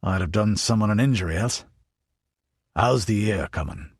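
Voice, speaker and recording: A man voicing a big, burly, older ranger, gruff and teasing. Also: on the low side, normal speed, dry recording, studio quality.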